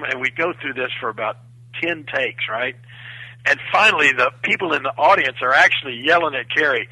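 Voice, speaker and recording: A man's voice: mid-range voice, fairly quick, slightly rough, dry recording, low-quality recording. A man telling a story in casual talk, acting out the other people's lines. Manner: animated, acts out quoted voices. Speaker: guest storyteller.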